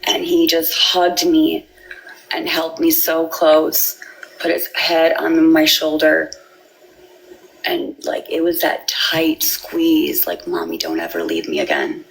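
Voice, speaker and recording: A woman giving a halting, emotional personal account, often repeating words and restarting. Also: low voice, completely flat delivery, gravelly, low-quality recording. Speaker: parent telling her story.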